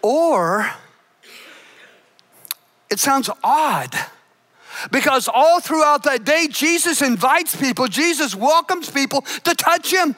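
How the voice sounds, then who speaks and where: Bright high-voiced preacher with shouted emphasis. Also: male voice, expressive, takes it slowly, pauses often. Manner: dramatic storytelling with shouted emphasis and playful asides. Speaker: pastor. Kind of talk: sermon.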